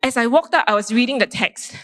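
A woman, a doctor giving a faith testimony and telling her story in a lively way, acting out her own reactions. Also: on the high side, a little fast. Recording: long reverb in a large hall.

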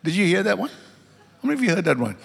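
A man's voice: sits high, big pitch swings, fast, creaky, fairly bright tone, husky, faint music behind. A man preaching a sermon in a church, emphatic and fond of repeating key words, calling out to his congregation and slipping in joking asides. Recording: long hall reverb.

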